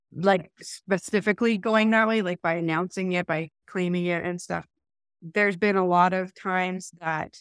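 Podcast co-host: young Canadian woman, smooth clear voice, dry close sound, loose rambling chat. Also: fairly low pitch, no echo. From Eastern Ontario, Canada. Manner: rambling, self-correcting, conversational. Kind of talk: casual podcast discussion.

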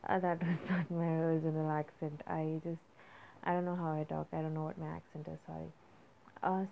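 A young woman hosting a casual solo podcast, rambling and hesitant, with many fillers and restarts. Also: on the low side. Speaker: podcast host. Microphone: phone app recording. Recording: phone-like lo-fi audio.

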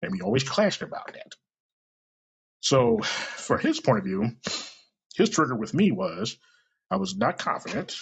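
A man hosting a podcast, talking in a blunt, profane, self-deprecating casual monologue with a gravelly, husky voice. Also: high voice, very animated, a little slow, long pauses, highs cut off. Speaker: podcast host.

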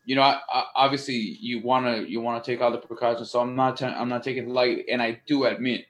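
A man co-hosting a casual sports podcast, talking in an animated way with frequent swearing, restarts and asides. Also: medium pitch, fast talker. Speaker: podcast co-host.

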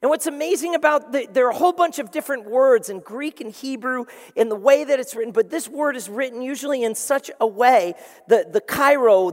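A man delivers a sermon in a big hall where his voice rings out with a long reverb. He preaches with animated energy and playful asides, and he briefly puts on other voices to make his points. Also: very high voice. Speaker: pastor.

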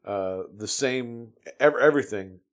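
A man in his fifties from the United States tells his service stories in a relaxed, conversational way. He rambles, often restarts his sentences, and fills the pauses with "uh." His voice sits in an ordinary middle pitch. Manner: rambling, with many restarts and fillers. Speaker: Navy veteran telling his story. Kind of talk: casual storytelling.

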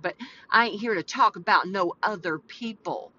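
A woman's voice: mid-range voice, moderate pace, bright, forceful tone. A woman hosting a faith podcast, mixing prayer with casual, slangy, rambling and self-deprecating talk. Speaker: podcast host. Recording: slightly muffled with faint background hum.

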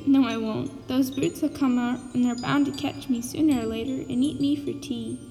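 A woman's voice: high voice, fairly even intonation, moderate pace, dark tone, long reverb tail, faint music behind. A woman reading a storybook aloud and voicing a plucky, curious young orphan girl in an earnest, matter-of-fact way.

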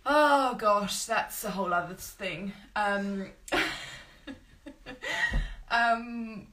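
A woman's voice: mid-range voice, a bit bright, poor audio. A young woman, chatting casually as a podcast co-host, talky and exclamatory. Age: young adult. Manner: chatty, self-talking, quick bursts of exclamation. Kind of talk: casual chat.

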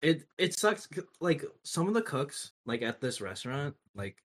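Husky, profane young man telling stories. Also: fairly high pitch, normal speed. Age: young adult. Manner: animated, profane, laughing often. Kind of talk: casual chat, storytelling.

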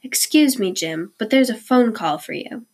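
A woman's voice: a little high, lively intonation, normal speed, darkish tone, slightly rough. Give me a woman reading a polite, matter-of-fact stage manager.

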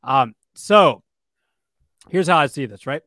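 A man's voice: a little high, animated, slow, bright, forceful tone, no echo, studio quality. A man co-hosting a casual sports podcast, rambling with fillers and restarts. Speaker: podcast co-host.

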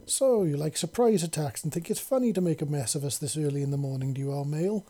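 A man's voice: on the high side, moderate pace, warm tone, lightly acted. A man reading aloud, voicing a fierce, teasing female feathered creature who purrs and gives orders in a raised voice. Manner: playful, sultry, bossy.

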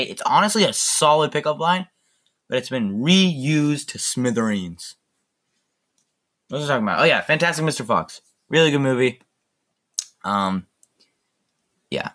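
A man's voice: on the low side, a bit bright. A young man hosting a solo podcast, chatting enthusiastically and rambling with lots of fillers. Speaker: podcast host. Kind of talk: casual solo podcast chat.

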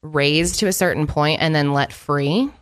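A woman's voice: sits low, a little slow. A young woman co-hosting a podcast in casual chat, self-deprecating and often laughing. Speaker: podcast co-host.

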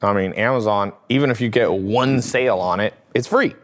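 A man hosting a casual livestream from home, answering viewer questions in a lively, joking way and often laughing. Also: fairly low pitch, brisk. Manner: animated, laughs often, acts out quotes in funny voices. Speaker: host.

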